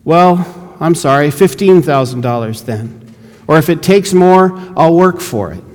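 A man's voice: on the high side, animated, measured pace, a little mellow, voice pushed up. A man playing an earnest missionary, speaking urgently and persuasively, heard with a long hall reverb. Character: earnest, eager male missionary.

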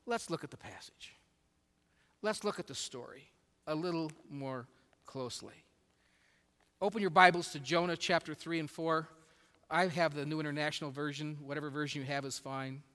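A man preaching a sermon as pastor, telling a story in an animated way that often swings between loud and quiet. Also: fairly high pitch, moderate pace, pauses often, in a large hall. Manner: animated storytelling with shifting volume.

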